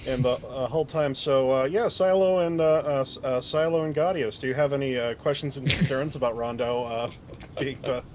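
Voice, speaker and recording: A man's voice: medium pitch, steady tone, normal speed, darkish tone, a little hiss or hum. A man playing a tabletop game, joking and hesitant with many ums. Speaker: player. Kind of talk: casual tabletop play.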